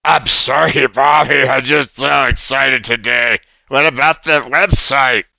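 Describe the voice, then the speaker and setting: A man voicing an excitable, earnest young male puppet friend on a radio show, gushing and eager to jump in. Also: medium pitch, unhurried, gravelly, dry recording, exaggerated voice. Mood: excited. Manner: gushing, eager, keeps jumping in. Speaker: puppet co-host.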